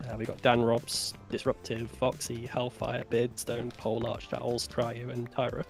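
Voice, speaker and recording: A man's voice: medium pitch, completely flat delivery, measured pace, creaky, soft background music. A man, a guest creator, telling casual stories in a rambling, filler-heavy way. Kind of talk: casual storytelling.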